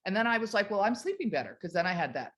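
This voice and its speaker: Woman, 50s, mid-pitched voice, animated storytelling, motivational, video call. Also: very fast. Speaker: network marketing team leader.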